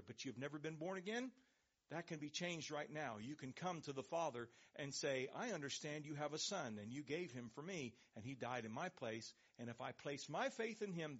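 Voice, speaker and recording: A man preaching a sermon, pressing hard on key words and slowing down to let them land, then dropping his voice low. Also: slightly rough, dull audio. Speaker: pastor.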